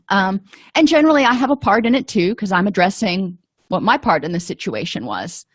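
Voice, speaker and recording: A middle-aged woman calmly explaining anger management tips in a casual talk, with frequent pauses and fillers. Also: medium pitch, breathy edge, dry recording, studio quality. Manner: calm, explanatory, with frequent ums and you-knows. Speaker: vlogger giving advice.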